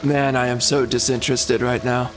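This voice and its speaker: A man's voice: medium pitch, level tone, moderate pace. A man giving sarcastic, mocking running commentary while playing a video game. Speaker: streamer. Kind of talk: gameplay commentary. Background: game music and sound.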